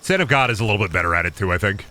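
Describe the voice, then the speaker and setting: A fairly low-voiced man gives rambling, jokey commentary while he plays a game, muttering to himself. His pitch swings widely, and he lurches into silly sing-song asides. A faint hiss sits under the voice. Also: lively intonation, very fast, bright, forceful tone. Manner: breaks into silly high sing-song bits. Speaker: streamer. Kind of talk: casual gameplay commentary.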